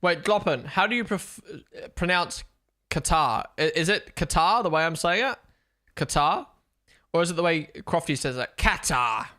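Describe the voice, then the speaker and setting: A young man with a voice that sits high chats his way through a live race watchalong stream. Excitable and casual, he swears while thinking aloud.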